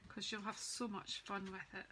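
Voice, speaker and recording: Heavy background noise surrounds this woman's mid-range, level voice as she talks at normal speed. She demonstrates card-making on a live stream, chatting casually and welcoming viewers by name as she goes.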